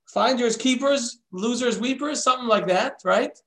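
A man telling a religious story in an animated way, switching voices for the characters. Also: very high voice, moderate pace. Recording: echoey room.

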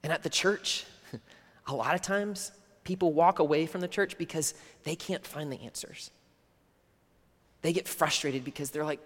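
Earnest preacher in a reverberant hall. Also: male voice, on the high side, measured pace, pauses often. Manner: earnest, conversational preaching, drops to near whisper at times. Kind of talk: sermon. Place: church hall.

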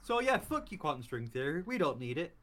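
A young man with a lively, bouncing voice, slightly raised in pitch. He co-hosts a casual podcast, cracking crude jokes and laughing through the chat. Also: a little fast. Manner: laughs a lot, swears, jokey and rambling. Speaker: podcast co-host.

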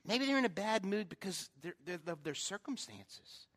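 Male pastor with a high, bright voice, delivering a sermon through casual stories and wry jokes at his own expense. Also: sing-song, moderate pace. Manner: conversational storytelling with self-deprecating humor.

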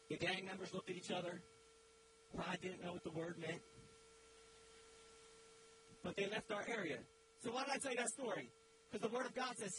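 A man with a high voice preaches a sermon in church, telling a story with dramatic, swelling emphasis. A loud, steady hum runs under the recording. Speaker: guest preacher.

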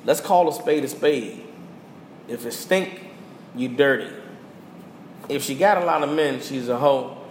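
A man's voice: mid-range voice, a little slow, pauses often. A young man hosting a podcast, delivering a blunt, emphatic rant full of slang and repeated phrases for punch. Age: young adult. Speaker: podcast host. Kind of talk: heated casual rant. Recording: roomy reverberant room with faint noise.

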